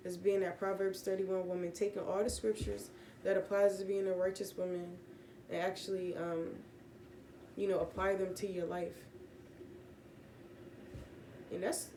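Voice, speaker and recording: A woman casually teaching scripture from her home, rambling and correcting herself as she goes. Her voice sits at a middle pitch and bounces around an echoey room, with faint background noise. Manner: relaxed, rambling, many fillers and self-corrections. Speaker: vlogger giving Bible teaching. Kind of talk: casual spoken Bible teaching.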